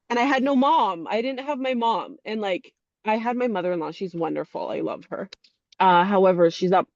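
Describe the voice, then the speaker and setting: A woman's voice: mid-range voice, darkish tone, dry recording. A woman in her forties from Canada, a guest in a casual interview, rambling with many "like"s and restarts. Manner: rambling, heavy use of "like", frequent restarts. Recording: dull dry lo-fi sound.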